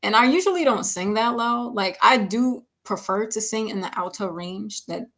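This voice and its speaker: A woman's voice: mid-range voice, normal speed, a bit bright. A woman singer chatting casually on a livestream while mixing her own vocals, laughing often and saying "like" a lot. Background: faint music playback.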